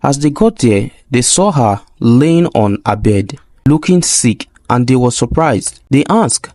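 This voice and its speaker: Expressive male folk-tale storyteller. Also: medium pitch, measured pace, no room sound, studio quality.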